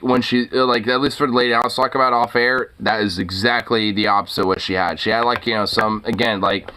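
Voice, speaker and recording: Bright-voiced man ranting casually. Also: medium pitch, slight background noise. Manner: profane, rambling, filler-heavy. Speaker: host. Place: lives in Portland.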